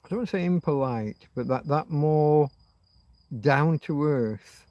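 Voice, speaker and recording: A middle-aged host from Yorkshire, England rambles through a relaxed livestream chat, his thoughts wandering as he muses aloud in a Yorkshire accent. He talks a little slowly with lively intonation and a slightly high pitch; the audio has no room sound and its highs are cut off.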